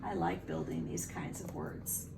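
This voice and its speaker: A woman's voice: measured pace, very noisy. A woman teacher giving a phonics lesson to children, patiently sounding words out syllable by syllable.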